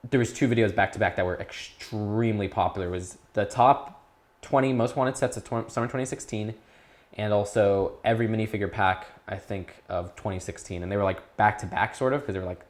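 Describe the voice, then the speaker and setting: Guesting on an interview, a young YouTube creator in his teens chats casually with a fairly low pitch. He rambles, restarts his thoughts, and livens up whenever something excites him.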